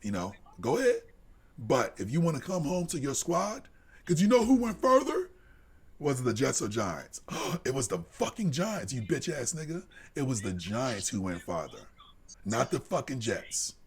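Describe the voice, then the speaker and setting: A man co-hosting a live sports podcast, delivering a heated, profane rant that drops to low mutters and climbs to shouts. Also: sing-song, normal speed, breathy edge. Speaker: podcast co-host.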